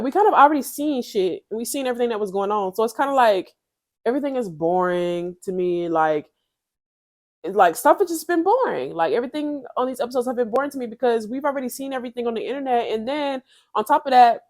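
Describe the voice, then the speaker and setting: A young woman giving a blunt, profane, slangy review of a reality show in a casual vlog. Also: on the high side.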